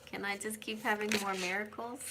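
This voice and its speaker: A woman's voice: mid-range voice, steady tone, a little fast, noisy background. A middle-aged woman giving a chatty, rambling tarot reading on a live stream from home. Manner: chatty, rambling, sings names, talks to her cat. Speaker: tarot reader.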